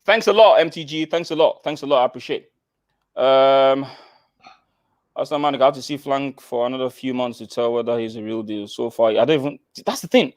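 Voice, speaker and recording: A man with a Nigerian accent co-hosting a football chat show, animated and teasing, repeating himself as he jokes. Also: mid-range voice, fairly quick, no room sound.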